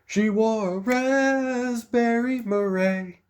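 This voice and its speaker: A man's voice: a little high, very animated, normal speed, a little mellow, clean tone, pitched above the performer's own voice. A man doing an impression of a mocking, unhinged male clown villain from a film, drawing out a name with a sneer.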